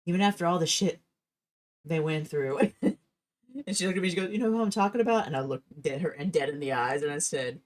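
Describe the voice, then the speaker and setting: A woman's voice: low voice, a little fast, long pauses. A young woman streaming, chatting casually and laughing often as she tells stories. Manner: giggly, laughs often while storytelling.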